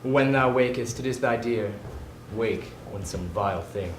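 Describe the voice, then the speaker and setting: A man playing a commanding fairy king, chanting a spell in a low, solemn voice on stage. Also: unhurried, slight background noise, lightly acted. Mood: solemn, spellcasting. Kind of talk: stage acting. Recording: echoey, from far off.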